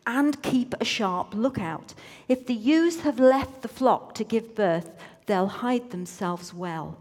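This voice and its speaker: A woman reading the lines of a calm, good-humoured male shepherd, in a room with a long reverb. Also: fairly high pitch, takes it slowly. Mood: steady.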